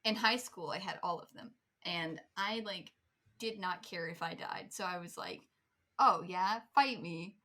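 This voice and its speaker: A woman's voice: fairly low pitch, normal speed, sharp tone. A young woman co-hosting a podcast in casual chat, blunt and joking, cheering her co-host on.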